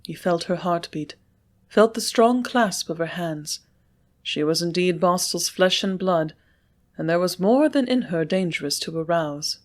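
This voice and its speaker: A woman narrating a classic western novel in a measured storytelling manner. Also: lowish voice, lively intonation. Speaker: audiobook narrator. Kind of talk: scripted narration.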